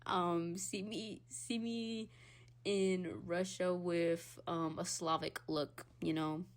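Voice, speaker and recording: On her solo podcast, a young adult woman of Hispanic background delivers a slow-paced, casual rant. She's animated and laughs often, curses without restraint, and veers between loud squeals and quiet mutters with big shifts in pitch and loudness.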